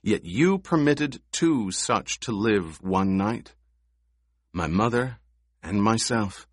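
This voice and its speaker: A man voicing a calm, commanding young male duke in an audiobook, speaking in measured tones. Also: lowish voice, dry recording, studio quality.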